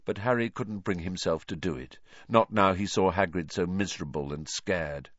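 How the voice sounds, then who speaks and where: A man reading a novel aloud as an audiobook narrator, in measured storytelling style. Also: sits low, fairly bright tone, no room sound. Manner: measured storytelling, voicing each character. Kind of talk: scripted narration. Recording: dull, dry lo-fi recording.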